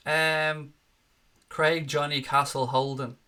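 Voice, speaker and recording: A man hosts a casual football fan chat show, reading viewer comments aloud. His voice is bright and sits a little high for a man. He is sarcastic and jokey, and he swears freely. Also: flat delivery, takes it slowly, smooth.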